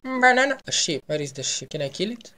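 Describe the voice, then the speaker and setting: A man giving casual gameplay commentary as a YouTuber, playful and excitable, throwing in silly sound effects. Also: a little high, quick pace. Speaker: gaming YouTuber.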